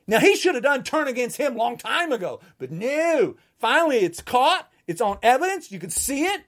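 Angry ranting woman, lively high voice. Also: moderate pace, few pauses. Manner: angry, ranting, at times shouting. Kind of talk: political rant.

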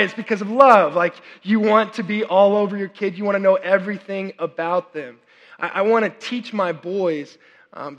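A man in his thirties, a worship pastor preaching a sermon, chatty and animated with many fillers and restarts, audibly unwell and working to clear his throat. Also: high voice, lo-fi sound. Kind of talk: sermon with personal storytelling. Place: church service. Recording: long reverb of a large hall.

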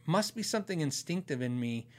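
A little high and animated, with a brisk pace and darkish tone, a middle-aged Arizona man answers viewers on his guitar channel and podcast. His casual chat rambles, with frequent laughter and restarted sentences.

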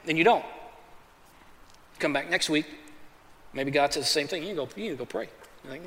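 A pastor preaching a sermon in a casual, conversational way, acting out quick voices and calling his listeners "man". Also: fairly high pitch, fairly bright tone. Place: large church hall. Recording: long hall reverb.

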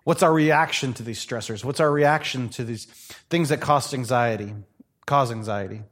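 A male pastor preaching a sermon in a conversational, animated way, telling stories with playful asides. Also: mid-range voice, moderate pace.

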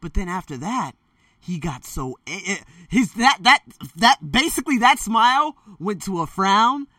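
A man with a high voice speaks at an ordinary pace in a casual vlog, rambling through a story from his childhood with lots of fillers and corrections. He's lively and slips into quoted voices, and the recording is dry, with him sitting well back from the mic.

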